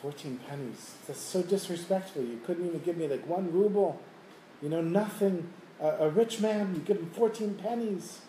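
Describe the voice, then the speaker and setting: A man's voice: fairly high pitch, moderate pace, dark tone, distant mic, a little hiss or hum, close to an everyday voice. A man voicing a desperate ruined rich man. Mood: indignant. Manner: pleading, exasperated. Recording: roomy room, faint ambience.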